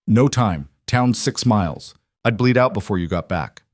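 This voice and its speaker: A man's voice: lowish voice, moderate pace, dry recording, clean studio sound, close to an everyday voice. A man voicing a terse wounded cowboy. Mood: steady. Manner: terse, clipped and steady. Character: wounded cowboy, grown man, calm and stubborn.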